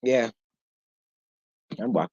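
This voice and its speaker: A man's voice: extremely slow, a little mellow, no echo. A British man hosts a live online chat, talking loosely and joking with his listeners. He laughs easily between remarks. The sound is dull and dry, with little room around it. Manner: jokey, chatty, laughs often. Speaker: host of a live online discussion. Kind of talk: casual livestream chat.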